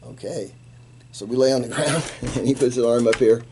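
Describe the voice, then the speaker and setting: A man in his seventies, a retired Army colonel, telling animated stories in an interview and acting out the quotes. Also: medium pitch, brisk, a little hiss or hum. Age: 70s. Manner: animated anecdote teller, acts out quotes, laughs. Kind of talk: storytelling in an interview.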